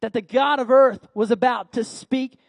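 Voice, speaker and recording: High-voiced male preacher telling a story. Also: gravelly, no echo. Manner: animated, repetitive, dramatic pauses. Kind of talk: sermon storytelling.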